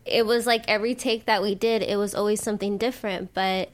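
A woman's voice: medium pitch, steady tone, quick pace. A woman chatting casually as a talk show guest, agreeable and a bit hesitant. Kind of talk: casual chat.

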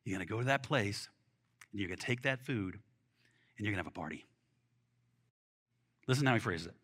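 A man preaching a sermon in an animated, conversational way, with bursts of excitement. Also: fairly low pitch, fairly quick, pauses often. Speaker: pastor.

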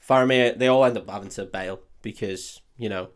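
A man's voice: on the low side, fairly quick. A man co-hosting a casual podcast, retelling a film with lots of swearing and jokes. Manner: sweary, jokey retelling with put-on character voices. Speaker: podcast co-host. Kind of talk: casual film recap chat.

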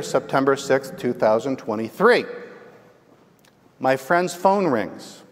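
A male pastor preaching a sermon in a conversational storytelling manner, often checking in with the congregation. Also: mid-range voice. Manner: conversational, animated, asks the congregation "right?". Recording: long reverb from a large hall.

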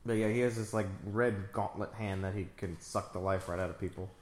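A man's voice: lowish voice, fairly even intonation, brisk, a little mellow, reverberant. A man co-hosting a casual movie commentary, joking and riffing. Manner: joking, riffs into silly voices. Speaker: podcast co-host.

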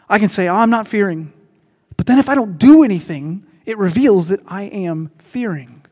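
A man preaching a sermon as pastor, swinging between loud proclaiming and quiet earnest stretches. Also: high voice, long reverb tail.

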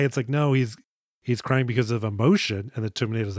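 A man's voice: medium pitch, steady tone, fast talker, no echo, studio quality. A man co-hosting a casual movie podcast, recapping scenes in a jokey, profane way and acting out lines. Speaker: podcast co-host.

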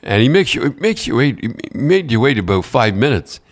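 A man's voice: medium pitch, very animated, normal speed. An older man with a Canadian accent, telling rambling hockey stories in casual chat, with restarts and chuckles. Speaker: podcast host and former hockey coach.

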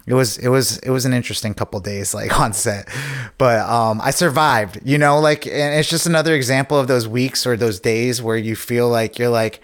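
A man's voice: medium pitch, fairly even intonation, moderate pace. A young adult man, an actor talking casually as a podcast guest, rambling with lots of "like" and "you know".

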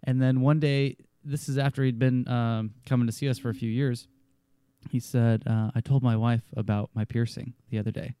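A man's voice: mid-range voice, flat delivery, moderate pace, warm tone, clear, resonant tone, dry recording, studio quality. A man chatting casually on a podcast, telling stories about clients, swearing and acting out what people said to him. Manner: storytelling, swears, acts out quotes.

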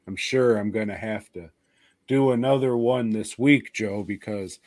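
Slow, dry-voiced male podcast host. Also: on the low side, a little mellow, no echo. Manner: wry, swears freely, mimics people on the phone. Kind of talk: casual podcast chat.

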